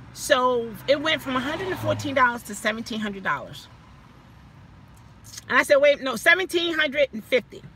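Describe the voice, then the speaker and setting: A woman telling a story casually as a vlogger, animated, acting out the people she quotes. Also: on the high side, slightly rough.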